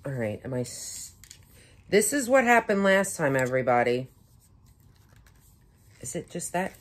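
A young woman beauty vlogger unboxing makeup in a casual vlog, gushing with excitement and gasping over each item. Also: low-pitched, measured pace. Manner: gushing, breathless excitement with frequent gasps.

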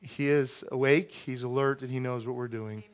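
A man's voice: medium pitch, steady tone, moderate pace. A male pastor preaching a conversational sermon with joking asides, in a church sanctuary.

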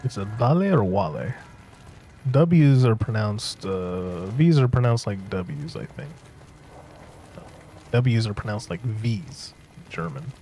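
Dude rambling on his game stream, mellow voice, faint hiss in the bg. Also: mid-range voice, expressive, slow. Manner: rambling, joking, stumbles over words. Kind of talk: casual live-stream gaming commentary.

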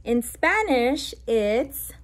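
A woman's voice: sits high, sing-song. A woman reading a bilingual picture book aloud to toddlers, stressing each letter sound and adding playful animal noises. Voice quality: slow, sound-by-sound letter emphasis. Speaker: children's book reader.

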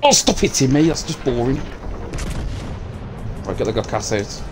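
A man's voice: mid-range voice, big pitch swings, moderate pace, music in the background. Sweary man streaming a game. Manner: swearing, banter, mock taunts. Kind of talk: live gameplay commentary.

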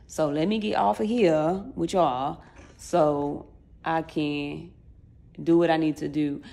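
A woman's voice: deep voice, fairly even intonation, takes it slowly, gravelly, mellow. A woman in her late twenties chatting casually and straight to her viewers, with loose folksy slang. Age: late 20s. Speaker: vlogger.

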